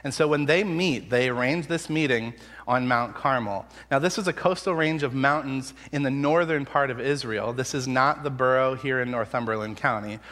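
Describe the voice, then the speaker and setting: A man's voice: medium pitch, normal speed, a bit bright. A man preaching a sermon as pastor, telling the story in a conversational, wry and sarcastic way. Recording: reverberant hall sound.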